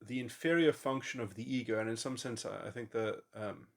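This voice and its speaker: A man thinking aloud in a long speculative monologue, halting often and restarting his sentences. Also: medium pitch, creaky. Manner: musing, halting, with many restarts and fillers. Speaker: podcast host. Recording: voice memo.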